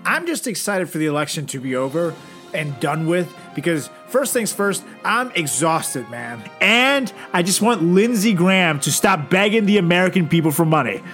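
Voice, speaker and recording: A man's voice: high voice, sing-song, normal speed, a bit bright, soft background music. A man co-hosting a comedy podcast, roasting politicians with crude jokes and frequent laughter. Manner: crude, mocking, laughs often. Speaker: podcast co-host.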